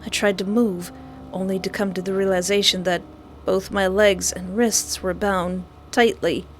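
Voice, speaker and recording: A woman reading a visual novel aloud in first person, animated and playfully sarcastic, with faint music behind. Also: medium pitch, a little slow. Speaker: visual novel player and narrator.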